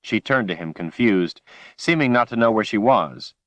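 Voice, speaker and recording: A man reads a fantasy audiobook in a measured, dramatic style. His voice is very deep and sits close to the microphone. The sound is dry, with no room echo at all. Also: lively intonation, a bit bright, dull audio. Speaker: audiobook narrator. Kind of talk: audiobook narration.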